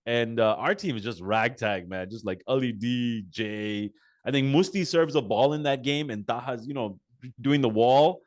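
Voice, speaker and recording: A man hosting a casual sit-down interview, telling animated stories full of fillers and restarts. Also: medium pitch, moderate pace. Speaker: podcast host.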